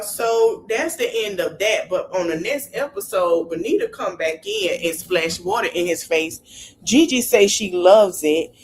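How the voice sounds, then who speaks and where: This woman podcast host, fairly high-pitched and heard over poor audio, retells scenes in a he-said-she-said manner. Her casual recap is animated and full of slangy asides to her listeners.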